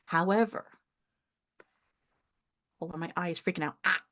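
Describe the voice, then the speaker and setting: A woman narrating as game master and voicing characters, playful and quick to laugh and swear. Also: lowish voice, level tone, sharp tone.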